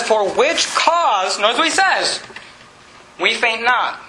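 A man preaching a fiery sermon as pastor, often shouting and laughing between lines, recorded in a church. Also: very high-pitched, a little hiss or hum. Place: church hall. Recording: echoey church room.

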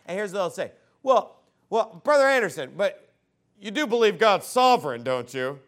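A man preaching a fiery sermon as a pastor in a church, breaking into sudden shouts. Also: high voice.

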